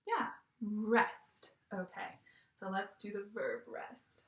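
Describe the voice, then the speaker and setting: A young woman teaching a video lesson to young children from home, with a cheerful, animated manner and acting out words as she goes. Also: medium pitch, takes it slowly, echoey room.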